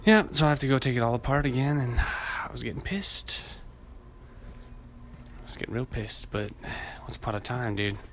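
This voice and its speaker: Hot and sweaty, a man hosting a podcast by himself tells rambling, profanity-laced stories and laughs at them. His mid-range voice is expressive and fairly bright, moving at a moderate pace over a slight hiss or hum.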